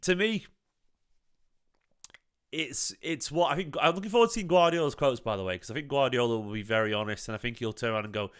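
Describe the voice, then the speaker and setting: Smooth-voiced football fan host. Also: male voice, medium pitch, fast talker, a bit bright. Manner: emphatic, repeats phrases, casual swearing. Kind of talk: livestream football match reaction.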